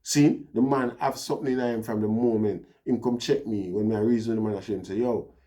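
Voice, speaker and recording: A man's voice: fairly low pitch, steady tone, a little fast, mellow. A man with a Jamaican accent telling a personal story in a casual, rambling monologue, often dropping in "you know, see". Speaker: vlogger.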